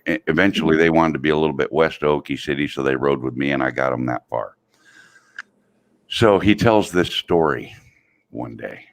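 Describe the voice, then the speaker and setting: A middle-aged man, a video host, telling a long joke in a folksy, drawn-out way. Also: a bass voice, no room sound.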